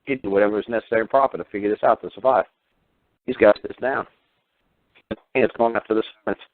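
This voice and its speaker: On a tinny, phone-line radio feed, a man hosting a radio show rants heatedly, throwing out sarcastic rhetorical questions and some swearing. His voice is fairly low and fairly even in intonation, he talks fast, and there's no echo.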